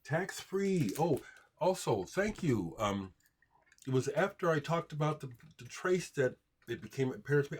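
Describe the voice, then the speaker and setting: A man hosting a casual livestream, rambling about records and answering viewer comments out loud. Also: fairly high pitch, expressive, moderate pace, breathy edge. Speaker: livestream host showing records.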